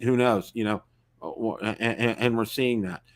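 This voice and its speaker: A man's voice: lowish voice, moderate pace. A man hosting a live-stream talk show about drones, rambling with many fillers and restarts. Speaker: host.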